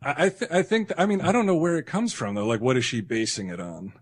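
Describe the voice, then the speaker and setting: A man's voice: mid-range voice, fast talker, slightly rough. A man co-hosting a podcast, chatting casually, adding short questions and laughing along. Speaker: podcast co-host. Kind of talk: casual chat.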